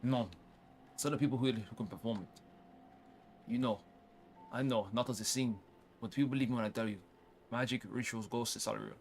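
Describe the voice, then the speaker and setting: A man voicing a suave French male banker with a put-on French accent, speaking formally and slowly. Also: medium pitch, fairly even intonation, a little mellow, a little hiss or hum, close to an everyday voice. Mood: confiding. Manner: formal, slow and measured.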